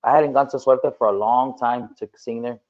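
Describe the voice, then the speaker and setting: A man's voice: mid-range voice, fairly even intonation, normal speed, darkish tone, dull audio. A man appearing as a guest singer on a podcast, talking casually and switching between English and Spanish.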